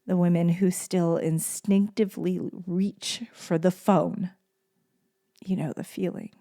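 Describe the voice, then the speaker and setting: A woman hosting a podcast, speaking in a gentle, soft-spoken and tender way and repeating phrases for emphasis in a heartfelt solo monologue. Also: lowish voice, steady tone, takes it slowly, gravelly. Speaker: podcast host.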